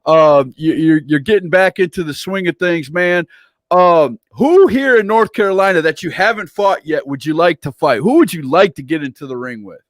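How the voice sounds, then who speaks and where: A man hosting a casual livestream interview, teasing and joking as he reads out viewer comments. His voice is on the higher side and swings widely in pitch. The sound is dry and close. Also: expressive, normal speed, no room sound. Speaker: interview host.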